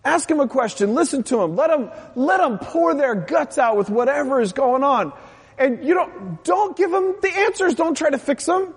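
A pastor preaching a lively, impassioned sermon, then dropping into a soft, quiet prayer. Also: male voice, extremely high pitch, moderate pace. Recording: long hall reverb.

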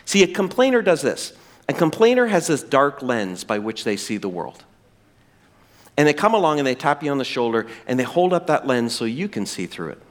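A man preaching a sermon as pastor, animated and playful, sometimes acting out whiny voices. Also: medium pitch, brisk.

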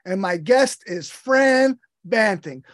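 A man's voice: high-pitched, lively intonation, slow, no room sound, clean studio sound. A man hosting an interview, enthusiastic and rambling, with many restarts as he introduces his guest. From United States. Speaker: podcast host.

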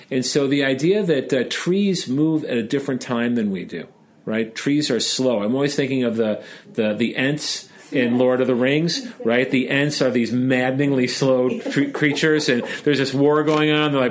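A man's voice: mid-range voice, normal speed. A man from Chicago hosting a casual discussion, talking in a chatty, joking way and retelling a story. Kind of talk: casual discussion of Jewish texts.

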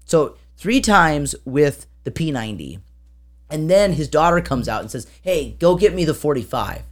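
A woman with a deep voice and big pitch swings co-hosts a podcast, talking at a moderate pace. During the casual chat she rambles through a long story with many fillers, acting out sounds.

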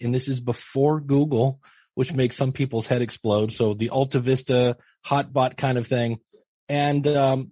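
A husky middle-aged man recounts his early days on a podcast, chatty and self-mocking. He slips into animated voices for the people he quotes. The sound is dry and close. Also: mid-range voice, no room sound. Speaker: podcast guest and teacher. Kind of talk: casual storytelling interview.

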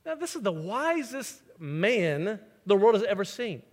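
A man preaches a sermon, mixing scripture with stories and acting out quoted voices. His voice sits high for a man. The sound carries the long reverb of a large hall. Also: very animated, unhurried. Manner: storytelling, acts out quoted voices. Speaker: pastor.

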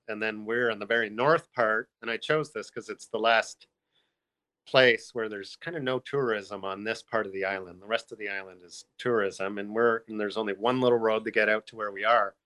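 Bright-voiced enthusiastic male guest. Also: lowish voice. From Canada. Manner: enthusiastic storytelling. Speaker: podcast guest. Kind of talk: casual chat.

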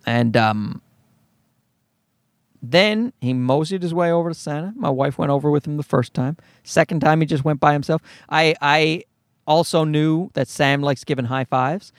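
A man's voice: medium pitch, dry recording, clean studio sound. A man hosting a podcast who tells a rambling, sarcastic story full of swearing. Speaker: podcast host. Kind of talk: comedic storytelling monologue.

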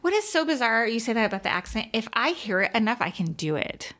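A woman co-hosting a podcast, chatting casually and enthusiastically about TV shows she has been watching, with lots of "like" and quick asides. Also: on the high side, big pitch swings, a bit bright. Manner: chatty and enthusiastic, many fillers. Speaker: podcast co-host.

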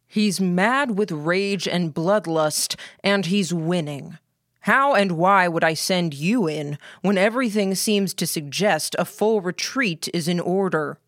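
A woman reading the lines of a cold, calculating male commander in a flat, measured way. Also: on the low side, no echo, clean studio sound.

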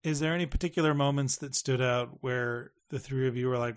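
A man's voice: mid-range voice, steady tone, a little fast. A man hosting a casual review chat, enthusiastic and emotional, joking about his age. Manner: enthusiastic, emotional, self-deprecating.

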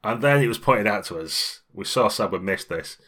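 Very deep-voiced British man chatting. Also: animated, moderate pace, fairly bright tone. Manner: chatty, rambling, laughs often. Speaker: podcast co-host. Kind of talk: casual podcast chat.

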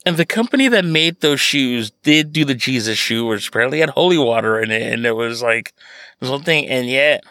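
Bright lively guy on a podcast, cursing a lot, dry close sound. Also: medium pitch, fairly quick, no room sound. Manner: animated, swearing, laughing often. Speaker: podcast co-host. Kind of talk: casual chat.

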